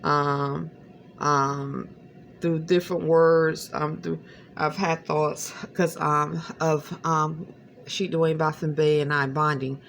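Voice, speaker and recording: Woman, gravelly mid-range voice, halting late-night phone vlog with faint noise behind. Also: sits low, little pitch movement. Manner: hesitant, rambling, many fillers. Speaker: vlogger. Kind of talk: late-night personal monologue.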